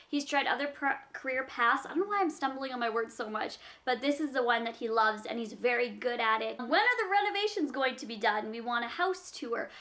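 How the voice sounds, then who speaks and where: A young woman with a high, light voice talks straight to her viewers in a casual question-and-answer vlog. She reads out each question, then answers it with earnest, practical advice. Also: bright, forceful tone.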